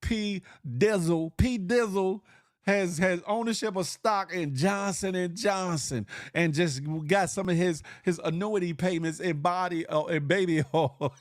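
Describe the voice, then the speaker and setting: Unhurried and animated, a man with a Southern US accent laughs often while reading chat comments aloud during his laid-back morning stream, his pitch swinging widely. The audio is dry and studio quality.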